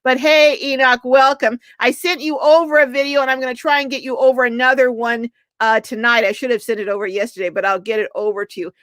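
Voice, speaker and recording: An older woman hosting a casual live stream, chatting warmly and reading out viewers' comments and greetings. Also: high-pitched, fairly even intonation, fast talker, few pauses, no echo.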